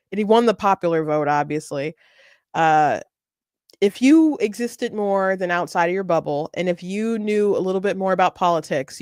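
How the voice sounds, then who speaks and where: A woman's voice: lowish voice, dry recording, studio quality. A woman hosting a political commentary show, talking casually and emphatically, repeating phrases and laughing often.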